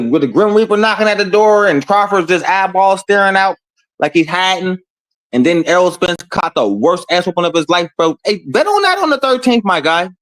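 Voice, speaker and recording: A man hosting a casual boxing talk stream, speaking to his chat in profane, animated trash talk. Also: sits high. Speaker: boxing talk show host.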